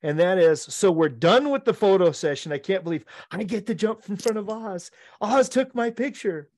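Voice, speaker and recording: A middle-aged man, a podcast co-host, telling an animated story among friends, laughing often and acting out the quotes. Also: sits high, normal speed, dry recording, clean studio sound.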